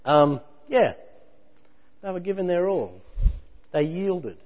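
Preacher in a reverberant hall. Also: male voice, high-pitched, slow. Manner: animated, conversational, jokey preaching with acted-out asides. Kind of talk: sermon. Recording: muffled hall recording with long reverb.

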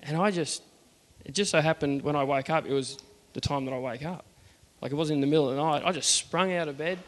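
A man's voice: a little high, quick pace, in a large hall. A man with an Australian accent earnestly telling a personal faith story, acting out the dialogue. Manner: earnest, plain-spoken, acts out the dialogue.

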